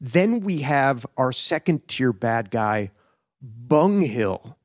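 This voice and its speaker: A man's voice: medium pitch, expressive, slow pace, dry recording, clean studio sound. A man hosting a podcast in casual chat, rambling and swearing, with many "like"s. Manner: rambling and profane, full of "like". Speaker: podcast host.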